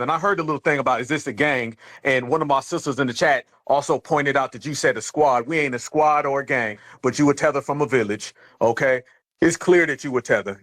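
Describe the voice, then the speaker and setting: A man's voice: medium pitch, a bit bright. A man hosting a live online discussion, talking in a preachy, rallying way and calling listeners family. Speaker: host of a live audio chat room.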